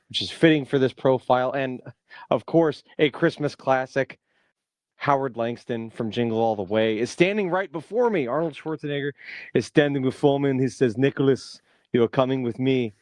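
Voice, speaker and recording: A man's voice: medium pitch, a little mellow, dry recording. A man co-hosting a podcast, telling a jokey story in a playful, casual way. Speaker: podcast co-host. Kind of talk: casual chat.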